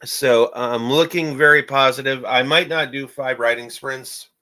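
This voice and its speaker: A man's voice: mid-range voice, measured pace, sharp tone, rough recording. A young man talking casually in a vlog about his writing and animation work, rambling and repeating himself with many fillers. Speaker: amateur animator and writer.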